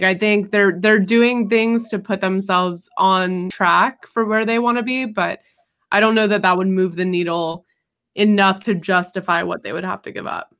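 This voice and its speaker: Bright-voiced upbeat woman co-host. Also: fairly low pitch. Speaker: podcast co-host. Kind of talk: casual sports chat.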